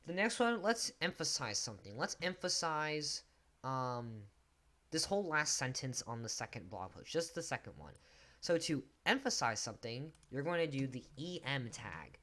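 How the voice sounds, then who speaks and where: A man's voice: mid-range voice, sing-song, moderate pace, bright, forceful tone. A man hosting a coding tutorial, explaining casually and joking about himself as he types. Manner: casual, self-deprecating, talks while typing. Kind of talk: screen-recorded coding tutorial. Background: keyboard typing and clicks.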